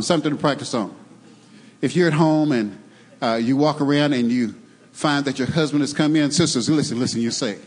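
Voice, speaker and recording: A man's voice: a little high, husky, low-quality recording. A man preaching a sermon to his congregation, emphatic, with a sing-song cadence and asides to the crowd. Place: church sanctuary.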